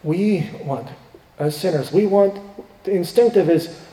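A middle-aged man, a pastor, preaching a sermon with emphatic swings between hushed and rising delivery. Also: sits high, a little slow. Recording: echoey hall with long reverb.

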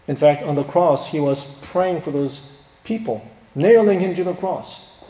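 A man's voice: fairly high pitch, unhurried, dark tone. A male pastor preaching a sermon, earnest, rising sharply on points of emphasis. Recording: echoey hall with long reverb.

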